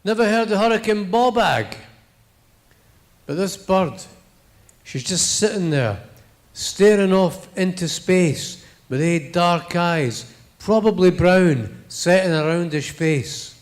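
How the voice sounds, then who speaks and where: A man's voice: sits high, takes it slowly. A middle-aged man with a Scottish accent giving a live reading of his fiction in a blunt, profane, swaggering first-person voice.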